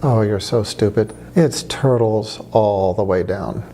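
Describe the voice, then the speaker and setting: A scolding old lady sets a young man straight, as a man puts her on while telling a joke. She sounds condescending and sure of herself. The voice stays soft and mellow, with a faint hiss behind it. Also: fairly low pitch, measured pace. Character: opinionated old woman in a joke.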